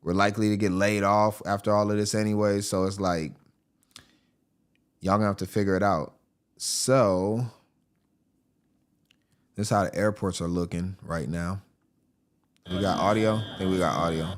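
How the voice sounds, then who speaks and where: A man hosting a show, giving casual, joking commentary over video clips in an animated way and often laughing. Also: deep voice, moderate pace, long pauses. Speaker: host.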